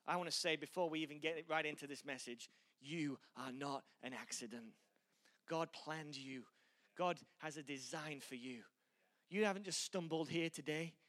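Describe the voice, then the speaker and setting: A man's voice: a little high, fairly bright tone. A middle-aged male pastor with a mixed Yorkshire and American accent, preaching with self-deprecating humor and earnest encouragement. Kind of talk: sermon.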